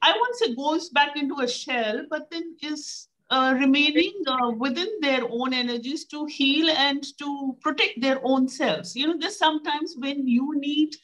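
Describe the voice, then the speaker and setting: Hesitant, thoughtful woman, high voice. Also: a little slow, hardly any pauses, a bit bright, rough recording. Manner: thoughtful, hesitant with many uh fillers, addresses partner as sir. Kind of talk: casual conversation on self-growth.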